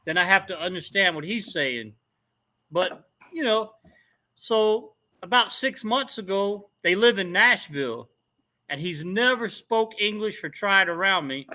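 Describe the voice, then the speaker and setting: A middle-aged man with a high, very bright voice, telling stories in a casual chat. He talks animatedly, putting on voices for the people in his tale and laughing along. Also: animated, a little slow.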